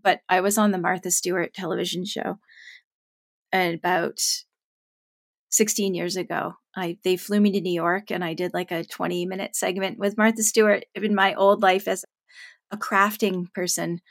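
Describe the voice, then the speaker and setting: A middle-aged woman speaks as a guest on a parenting podcast, rambling warmly through anecdotes with many filler words. Her voice carries a gravelly, creaky texture. The sound is dry and close. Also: on the low side, flat delivery, moderate pace, dry recording. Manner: chatty storyteller, heavy use of filler words. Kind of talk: casual interview chat.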